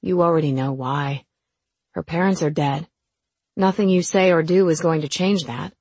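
Brief: a woman playing a laid-back joker of a young man for an audiobook, husky low voice, dry close sound. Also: moderate pace, a little mellow, no room sound. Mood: calm advice. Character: easygoing young man, joking but guarded.

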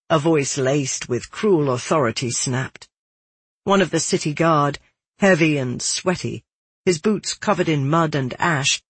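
Audiobook narrator, male, husky, slightly high, dry close sound, somber pacing. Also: no echo. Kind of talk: first-person fantasy narration.

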